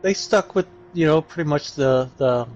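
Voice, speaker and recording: Higher-voiced man rambling on stream. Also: moderate pace, darkish tone, muffled recording. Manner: rambling, meandering explanations. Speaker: streaming guest. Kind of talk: casual gaming stream chat.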